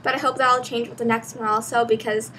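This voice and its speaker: A young woman vlogger gushing about a film in a casual review chat, full of "like" and excited asides. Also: on the high side, fairly quick, slight background noise. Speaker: book vlogger.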